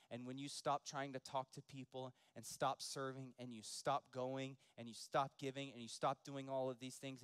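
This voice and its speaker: A man preaching a sermon, moving from quiet storytelling to loud, rising preaching. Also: medium pitch, smooth, dry recording. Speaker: pastor.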